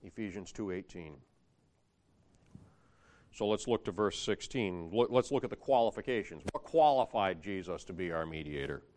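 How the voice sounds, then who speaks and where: A man's voice: low voice, animated, normal speed, a little mellow, a little hiss or hum. A man preaching a sermon, reading scripture aloud and building emphasis as he explains a Bible passage.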